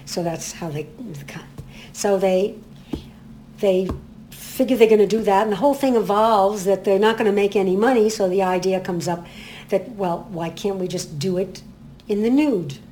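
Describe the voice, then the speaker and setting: An older woman chats about a stage show in a casual interview, circling back and restarting her sentences as she goes. Her voice sits at a middling pitch. A faint hiss of noise runs under the recording. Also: moderate pace. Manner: rambling, many restarts, animated storytelling. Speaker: community theater actress, interview guest.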